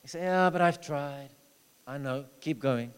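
A man preaching a sermon, telling stories, with loud urging that drops to low, hushed asides. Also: unhurried, clean tone. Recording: long hall reverb.

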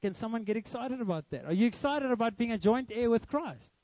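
A man's voice: very high voice, animated, brisk, a little mellow, no echo, dull audio. A young man preaching a sermon, earnest and emphatic, with a lot of repetition. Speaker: pastor.

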